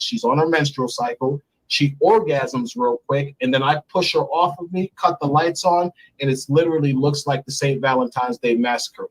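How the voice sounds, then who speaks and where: A man's voice: mid-range voice, poor audio. A man being interviewed remotely, telling a long personal story in a blunt, emphatic way and repeating words for stress. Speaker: interview guest.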